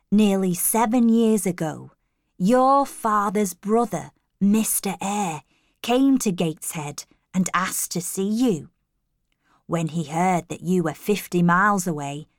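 An earnest woman servant confiding old family news, read by a woman narrator. She speaks slowly and on a lowish pitch. The sound is dry and close. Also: dry recording. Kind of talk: storybook reading.

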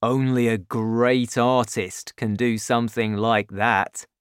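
Give me a man playing an injured father who speaks slowly and plainly, in a storybook. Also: medium pitch, steady tone, clean tone, no echo, clean studio sound, close to an everyday voice. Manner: slow, plain-spoken. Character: injured adult male poacher, a father.

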